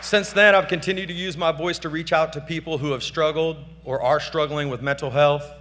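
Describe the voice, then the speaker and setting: A man's voice: a little high, steady tone, fairly quick, fairly bright tone, a faint crowd. A middle-aged man giving a casual, off-script acceptance speech at a gala, loose and slangy, calling out thanks to family and friends on a stage microphone. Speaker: award speaker at a gala. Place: large banquet hall. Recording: reverberant banquet hall with faint hum.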